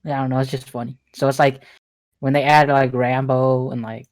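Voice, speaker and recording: A man's voice: mid-range voice, little pitch movement, brisk. A young man co-hosting a gaming podcast in casual chat, drowsy and yawning, trailing off between thoughts. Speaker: podcast co-host.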